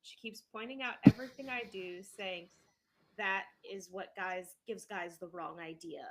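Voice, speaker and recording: A young woman co-hosts a casual podcast and reads a story aloud with lively, animated delivery. Her voice sits at a middle pitch. The recording has clear background noise. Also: moderate pace. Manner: animated reader with laughs. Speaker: podcast co-host.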